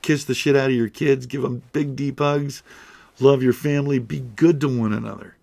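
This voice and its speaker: A man's voice: medium pitch, steady tone, moderate pace, vocal fry, a little mellow. A middle-aged man speaking earnestly and emotionally to camera, rambling and restarting as he goes. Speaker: YouTuber. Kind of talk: heartfelt direct-to-camera talk.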